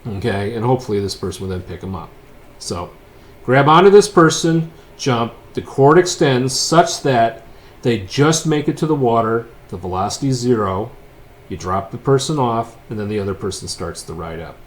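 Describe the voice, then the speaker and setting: A man's voice: lively intonation, normal speed. A man teaching a physics lecture in a casual, joking way, telling a story with wry asides before working through a problem. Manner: wry, joking storyteller, swings between loud and low asides. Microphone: unseen lecturer, voice-over of board work.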